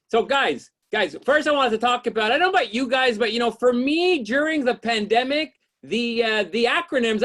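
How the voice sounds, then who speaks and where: A man doing a stand-up comedy set, rambling through setups and shouting exasperated punchlines, often asking "you know what I mean?". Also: very high voice.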